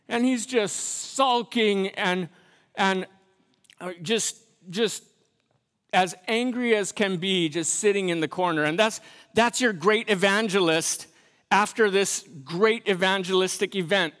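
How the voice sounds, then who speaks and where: A very high-pitched man delivers a joking sermon at an unhurried pace, stumbling over restarts and then falling to a hush for effect. His voice rings with a long reverb, as if he's in a large hall. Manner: storytelling with frequent restarts and sudden quiet, dramatic drops. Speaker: pastor. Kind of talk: humorous sermon.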